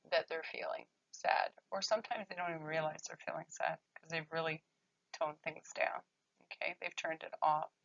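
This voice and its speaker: A woman's voice: on the low side, a bit bright, lo-fi sound. A woman child therapist giving a conversational workshop lecture, often checking in with her audience.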